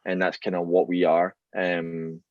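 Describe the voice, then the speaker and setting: Glaswegian guy rambling casually, lowish voice, dry dull sound. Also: completely flat delivery, measured pace, dry recording. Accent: Glaswegian Scottish. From Scotland. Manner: rambling, many fillers and restarts. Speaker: podcast guest. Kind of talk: casual chat.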